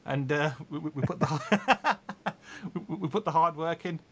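A man's voice: a little high, measured pace, fairly bright tone, slightly rough. A man hosting a radio interview, playful and laughing, often stammering and repeating words. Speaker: radio show host. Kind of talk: casual interview chat.

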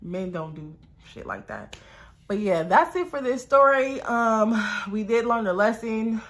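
A young woman casually telling a storytime vlog to her viewers, exasperated and animated, acting out quoted lines. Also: unhurried. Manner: animated, exasperated, voices quoted lines with big pitch jumps. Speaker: storytime vlogger.

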